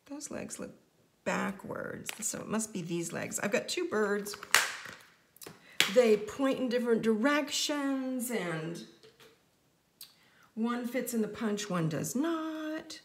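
A woman's voice: fairly high pitch, lively intonation, takes it slowly, pauses often, slight background noise. A middle-aged woman teaching a casual card-making tutorial, chatty and playful as she jokes with her viewers.

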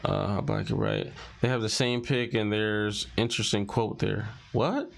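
A man's voice: fairly low pitch, steady tone, moderate pace, creaky. A man casually reading social media posts and captions aloud, muttering and reacting as he scrolls. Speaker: commentary vlogger.

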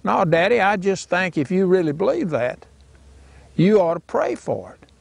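A man's voice: high-pitched, sing-song, moderate pace, vocal fry, slightly rough, dry recording, voice pushed up, heavily acted. A man voicing an earnest grown son from Alabama, patiently coaxing his father, with a Southern accent.

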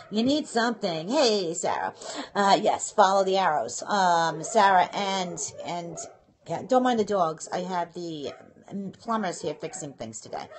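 A chatty middle-aged woman from New York talks live to her viewers from her home office. She greets people by name and laughs easily, in a middle-range voice and a loose, rambling way of talking. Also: medium pitch. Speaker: livestream host. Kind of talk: casual live-stream chat.

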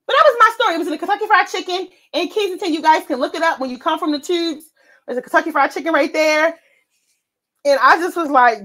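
A woman with a high, lively voice hosts a casual stream. She tells stories in a brash, animated way, roasting the people in them. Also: brisk, poor audio. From United States. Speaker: livestream host. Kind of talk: casual storytelling chat.

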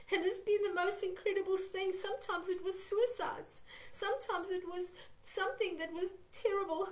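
A woman's voice: extremely high pitch, steady tone, normal speed. A woman minister giving an earnest devotional teaching, stressing her points by repeating phrases. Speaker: Christian minister.

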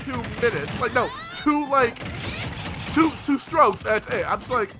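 Excitable young man yelling over game music. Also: very high voice, unhurried. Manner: excitable, swears a lot, yells at enemies. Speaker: gameplay commentator. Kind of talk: let's play commentary.

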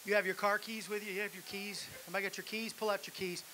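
A man preaching a lively sermon in a church, exhorting the congregation and building to shouts. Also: high voice, very fast. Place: church sanctuary. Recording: hissy live church recording.

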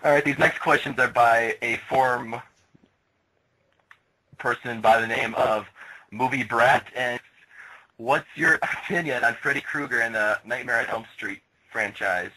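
A man hosts an interview over a video call. His voice is bright and husky, and he reads out the questions briefly and matter-of-factly. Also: medium pitch, a little slow, rough recording. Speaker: interview host.

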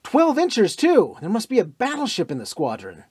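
A man voicing a young American bomber pilot in an audiobook, raising his voice with urgent, excited calls. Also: a little high, fast talker, husky, full character voice. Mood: urgent, shouting. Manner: raised, urgent shouting. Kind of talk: audiobook character voice.

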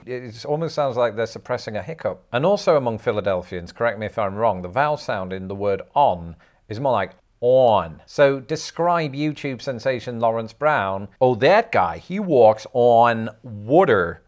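A man's voice: medium pitch, lively intonation, normal speed. A British man hosting a comedic vlog from his home, talking in a playful, wry way and slipping into mock accents. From Britain. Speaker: YouTuber host. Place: home in Illinois.

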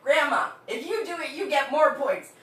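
A woman's voice: high-pitched, lively intonation, normal speed, fairly bright tone, echoey room, distant mic. Bubbly fifties woman teaching kids music. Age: 50s. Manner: bouncy, playful, sings call-and-response songs. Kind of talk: live online kids' music class.

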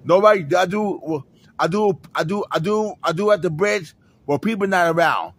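A man talking in a halting, rambling way, restarting and repeating phrases again and again. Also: high-pitched, slight background noise. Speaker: public access show guest. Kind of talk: rambling personal talk. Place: library center.

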